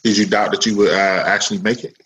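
A man interviewing in a casual conversation, blunt and informal, asking halting questions. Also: fairly low pitch, little pitch movement, a bit bright.

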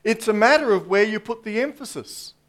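A man preaching a sermon to a congregation, slow and deliberate, with dry asides. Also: sits high, expressive, fairly bright tone. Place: church congregation.

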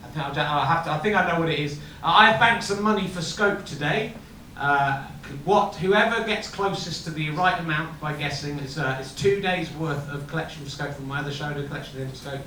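A man's voice: a little high, fairly quick, pushed and bright. A man hosting a live comedy show in front of an audience, teasing and playful, laughing often. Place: dark venue with live audience. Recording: echoey venue, distant mic, audience noise.

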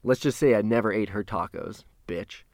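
A man's voice: on the low side, no echo. Man telling a profane story, dry sound. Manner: profane, halting, with restarts and sudden loud bursts. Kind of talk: casual personal storytelling.

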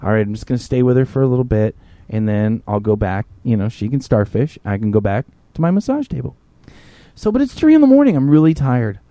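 A man's voice: mid-range voice, big pitch swings, brisk, dark tone, no echo. A man hosting a podcast and telling a story in casual, profane chat. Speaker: podcast host.

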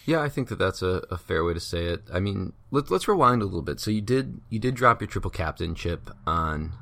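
A man's voice: deep voice, expressive, a little fast, creaky, pushed and bright. A man co-hosting a casual podcast, prompting his partner with follow-up questions. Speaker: podcast co-host.

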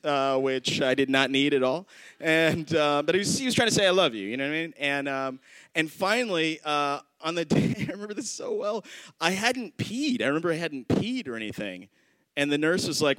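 A man's voice: a little high, clear, resonant tone, dry recording, rough recording. A man in his thirties telling a funny personal story on stage, acting out the quotes and laughing as he goes. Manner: animated, acts out quotes, laughs mid-line. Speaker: storytelling comedian. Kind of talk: live storytelling set.

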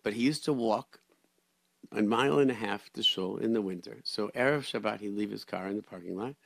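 A man hosting a radio chat, telling stories in a lively way with many restarts and Hebrew and Yiddish words. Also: on the low side, a little fast, vocal fry, no room sound. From Rochester, New York area. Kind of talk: casual storytelling chat.

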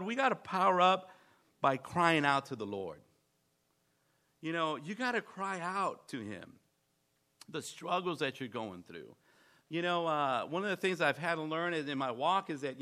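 A man's voice: on the high side, pushed and bright. A man preaching a sermon, emphatic, full of rhetorical questions and stammering restarts.

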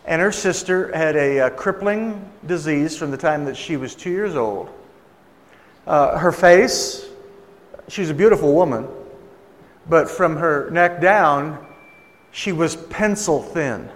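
A man with a voice on the high side preaches a sermon slowly, with lively intonation. He tells a story conversationally and acts out the voices of the people in it, with a long hall reverb behind him.

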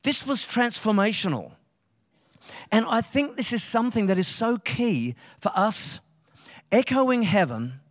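An Australian man, a pastor, preaching a live sermon in a conversational, animated way, often restarting his sentences for emphasis. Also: high voice. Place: church hall, live service. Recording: reverberant church hall.

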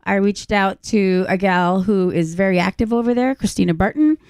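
Woman from Hawaii, podcast guest; crisp, dry, enthusiastic. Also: medium pitch, normal speed, darkish tone, no echo. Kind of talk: casual podcast chat.

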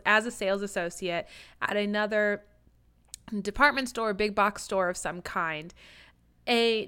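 A woman's voice: medium pitch, fairly bright tone, clean tone. A woman from Georgia in the US, casually summarizing a book's plot in a chatty podcast conversation and laughing often. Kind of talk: casual book discussion.

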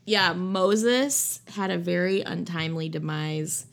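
A woman co-hosting a podcast in casual chat, expressive and laughing often. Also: lowish voice, takes it slowly. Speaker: podcast co-host.

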